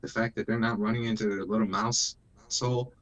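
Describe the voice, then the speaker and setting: A man's voice: on the low side, fairly even intonation, quick pace. A man in his thirties, born in Iran, chatting emotionally and laughing often on a live stream. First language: Persian. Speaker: co-host. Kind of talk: casual live-stream chat.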